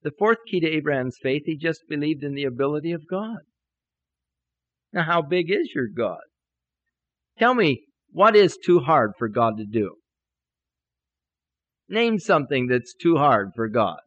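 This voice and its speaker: A male pastor preaching a sermon, telling a personal story and acting out the dialogue, with a lively delivery that swells into exclamations. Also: a little high, measured pace, long pauses, no room sound, muffled recording. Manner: animated, acts out dialogue, rising to exclamations.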